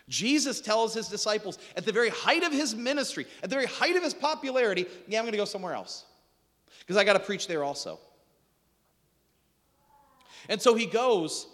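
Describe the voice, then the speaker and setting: Male preacher, high and expressive, chatty sermon delivery, long reverb from the hall. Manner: animated, conversational, quizzes the congregation.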